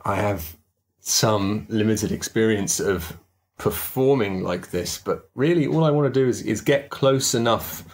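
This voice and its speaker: A man's voice: fairly low pitch, measured pace. A man playing a tabletop game, describing his character's actions in the third person. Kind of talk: casual game table talk.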